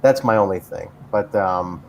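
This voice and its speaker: A man's voice: deep voice, normal speed, creaky, a little mellow, a little hiss or hum. A man hosting a casual chat show, rambling with lots of fillers and restarts. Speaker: podcast host.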